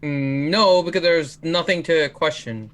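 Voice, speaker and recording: A man's voice: on the high side, measured pace, fairly bright tone. A man co-hosting a game livestream, giving dry, offhand replies in casual chat. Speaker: livestream co-host.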